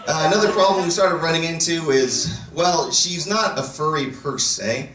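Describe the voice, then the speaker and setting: Guy doing standup in a club, deadpan stories with sudden shouty bits, crowd laughing behind, echoey. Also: on the high side, moderate pace. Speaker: stand-up comedian. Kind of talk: stand-up comedy set. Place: comedy club stage. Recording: roomy club sound from far mic. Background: laughing audience.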